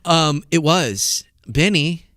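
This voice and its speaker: A man's voice: takes it slowly, no room sound, studio quality. A man hosting a casual political commentary show, laughing and mocking as he reacts to clips. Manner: animated, laughing, mocking, high-pitched impressions. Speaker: host. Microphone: studio mic.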